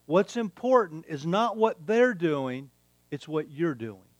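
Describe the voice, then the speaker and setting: A man's voice: on the high side, lively intonation, takes it slowly, no room sound. A man preaching a sermon, emphatic and repeating his key phrases. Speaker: pastor.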